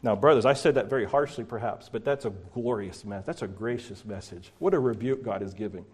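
A man preaching a sermon from the pulpit, swinging between quiet reflection and forceful, impassioned declarations. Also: fairly low pitch, fairly quick, breathy edge. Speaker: pastor. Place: church sanctuary, from the pulpit.

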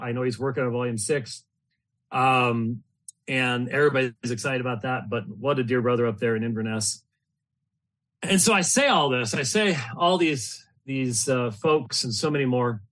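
A man's voice: medium pitch, a bit bright. A middle-aged man hosting a show, talking in loose, rambling reflections full of fillers and restarts, often breaking into laughter. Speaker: host. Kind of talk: casual spoken reflections.

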